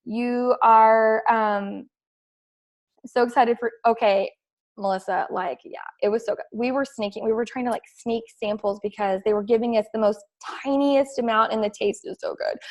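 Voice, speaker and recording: A woman, a fitness coach talking excitedly and casually to her team on a call, full of "like" fillers. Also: a little high, moderate pace. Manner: chatty and excitable, heavy use of "like".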